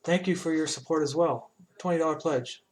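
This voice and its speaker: A man chatting casually while he animates on a live stream, halting often with fillers and restarts. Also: fairly high pitch. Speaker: animator streaming his work.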